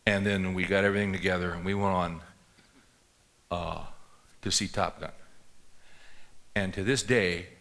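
Bright-voiced preacher. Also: male voice, deep voice, steady tone, moderate pace, pauses often. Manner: conversational storytelling preacher, asks the congregation questions. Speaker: pastor. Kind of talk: sermon.

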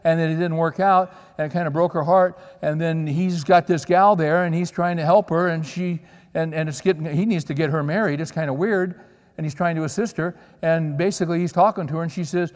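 A man's voice: fairly high pitch, fairly even intonation, a little fast. A middle-aged man preaching a sermon, telling stories in a conversational way and checking in with the audience. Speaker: pastor. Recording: long reverb of a large hall.

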